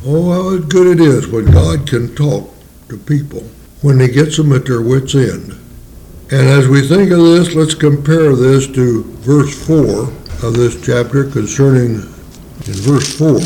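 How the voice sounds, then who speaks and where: A man preaching a sermon in a folksy way, asking rhetorical tag questions and slowing down to read scripture in old King James wording. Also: mid-range voice, mellow, a little hiss or hum, low-quality recording.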